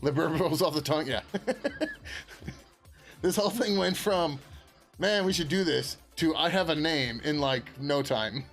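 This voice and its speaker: A man who is a software developer streaming his work, chatting casually as he codes. He rambles, laughs often, answers his viewers and swears now and then. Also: a little high, lively intonation, unhurried, soft background music. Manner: swears casually, many fillers. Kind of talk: casual live-stream chat while coding.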